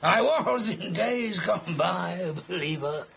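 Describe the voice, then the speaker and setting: An actor playing an older, drunken and pompous adventurer who talks in a florid, theatrical way and slips into song. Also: male voice, high-pitched, animated, takes it slowly, creaky, fairly bright tone, a little hiss or hum, exaggerated voice. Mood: mocking. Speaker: wandering adventurer. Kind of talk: film drama acting.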